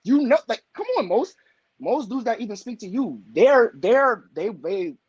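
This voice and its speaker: A man's voice: extremely high pitch, animated, a little slow, husky, no echo, highs cut off. A man arguing brashly and insistently as a guest on a live talk show, often cutting in. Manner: brash, insistent, talks over others. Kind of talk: casual debate on a live show.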